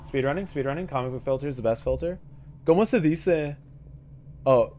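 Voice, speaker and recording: A man's voice: on the high side, fairly quick, dark tone, a little hiss or hum. A man hosting a let's-play, giving casual, profane, joking commentary and talking to his viewers as he plays. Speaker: gaming channel host.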